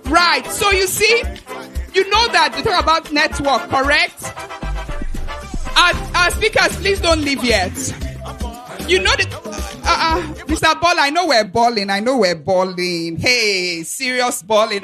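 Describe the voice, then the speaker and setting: A Nigerian woman hosting an alumni event on a handheld mic, playful and teasing as she calls for shouts from the crowd. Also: high-pitched.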